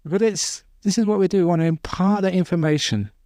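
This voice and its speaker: A man, a Buddhist monk, giving an informal dharma talk, telling stories with gentle humor and chuckling at his own jokes. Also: sits high, a little fast, dry recording, studio quality. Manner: conversational storytelling, with restarts. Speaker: Buddhist monk teaching meditation.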